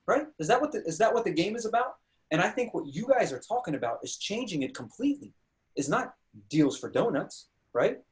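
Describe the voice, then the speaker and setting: Male panel host, higher pitch, very animated delivery, tells stories and acts out quotes. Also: fairly quick. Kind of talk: energetic panel discussion.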